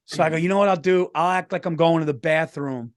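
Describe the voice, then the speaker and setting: A man co-hosting a casual comedy podcast in a fairly high voice, recorded close and dry. He rambles through anecdotes and keeps saying "dude.". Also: fast, dry recording. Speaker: podcast co-host.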